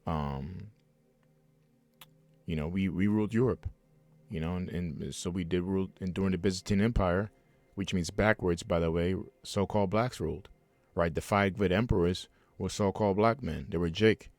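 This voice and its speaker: A man's voice: low voice, normal speed, a little mellow, dry recording. A man preaching a heated, rambling sermon at home, reading scripture and breaking off into fiery asides with many restarts.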